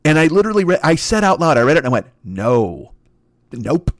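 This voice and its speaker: A man hosting a solo comedy podcast, ranting in a profane, exasperated way that climbs into high indignant bursts. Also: lively intonation, rapid-fire, no room sound, clean studio sound. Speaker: podcast host.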